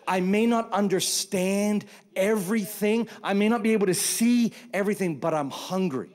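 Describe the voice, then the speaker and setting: A pastor in his thirties delivers a sermon, telling stories with lively humor. His voice sits on the higher side for a man, and he swings between punchy jokes and quieter points. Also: moderate pace. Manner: animated, humorous storytelling.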